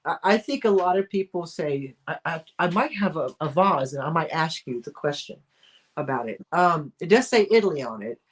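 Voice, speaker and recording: A woman's voice: deep voice, lively intonation, moderate pace. Chatty American woman hosting a live chat. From United States. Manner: chatty, laughs often, full of restarts. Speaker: host.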